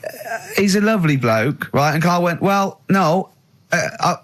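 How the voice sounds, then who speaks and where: Animated man telling a story on the radio. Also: sits high. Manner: animated storyteller, quick laughs, mimics friends. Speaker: radio host. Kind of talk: casual radio banter. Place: radio studio.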